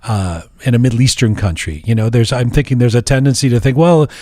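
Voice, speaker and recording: A man's voice: mid-range voice, darkish tone, no room sound, clean studio sound. Earnest man hosting an interview. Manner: measured, earnest, with some restarts when speaking off script. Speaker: podcast host. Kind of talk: scripted introduction then interview.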